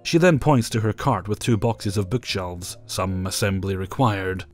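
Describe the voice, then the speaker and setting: A man's voice: lowish voice, unhurried, faint music behind. A man narrating personal stories in a wry, matter-of-fact way. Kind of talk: storytelling narration.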